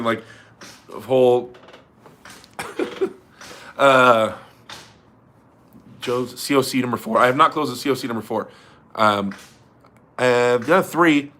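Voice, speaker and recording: A man's voice: mid-range voice, bright, forceful tone, a little hiss or hum. A young man hosting a casual livestream, reading viewer comments in a laid-back way, laughing often and swearing casually. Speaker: livestream host.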